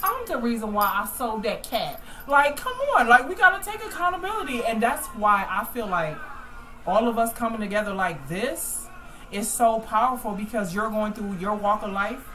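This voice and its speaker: A woman hosting a group call, telling a story in a loud, emotional, animated way. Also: fairly high pitch, normal speed, a little hiss or hum, rough recording. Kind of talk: casual storytelling chat.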